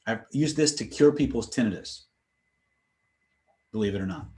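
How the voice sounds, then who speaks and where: A man's voice: on the low side, expressive, moderate pace, darkish tone. Man, instructor, live online lesson, conversational, demonstrates phrasing with shifting tone and tempo. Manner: conversational, frequent "right?" check-ins. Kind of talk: live online teaching session.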